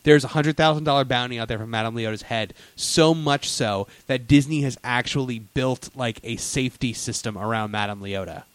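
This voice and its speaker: An excitable man rambles through his theme-park stories, stumbling over restarts and fillers as he goes. His voice sits in a middle range and sounds close and dry, with no room around it. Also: medium pitch, normal speed, few pauses, no echo. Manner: enthusiastic storyteller, lots of fillers and restarts. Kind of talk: casual theme-park chat.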